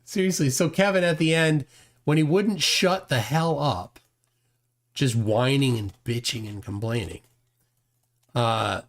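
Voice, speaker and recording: Sarcastic man hosting a live stream. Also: fairly high pitch. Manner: mocking, sarcastic, acts out mock dialogues. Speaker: host.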